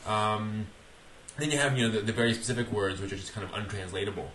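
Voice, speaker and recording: A man's voice: lowish voice, fairly even intonation, quick pace, a bit bright. A man co-hosting a casual podcast chat, talking in a rambling, hesitant way with frequent restarts. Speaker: podcast co-host. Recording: roomy echo with faint hiss.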